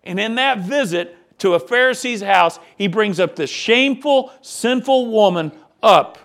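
Male pastor, higher register, impassioned sermon delivery. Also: fairly bright tone. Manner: impassioned preaching, rising and falling delivery.

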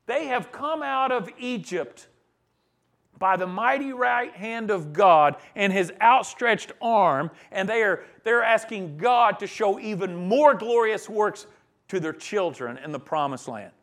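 High-pitched guy preaching, earnest, gets loud on key words then drops soft. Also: expressive, unhurried. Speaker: pastor. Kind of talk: sermon.

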